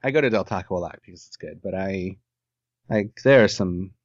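A man's voice: sits low, brisk, dry recording. A man co-hosting a podcast in casual chat, rambling and jokey, swearing casually. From Ohio, US. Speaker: podcast co-host. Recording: dull lo-fi sound.

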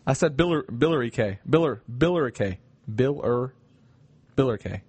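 A man's voice: mid-range voice, animated, moderate pace, a little mellow, breathy edge, no echo. A man co-hosting a casual podcast, wry and grumbling, with sweary jokes. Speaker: podcast co-host.

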